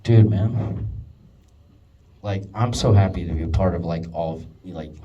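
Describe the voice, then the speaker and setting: A man's voice: deep voice, measured pace, far from the mic, muffled recording, background noise. A man giving a rambling roast toast to a friend, full of swearing, "like" and "dude". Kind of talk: casual storytelling toast.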